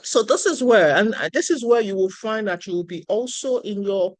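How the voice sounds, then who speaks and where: A woman's voice: medium pitch, expressive, normal speed, no room sound. A woman leading an online class on research writing, emphatic and encouraging, calling on students by name. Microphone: video call.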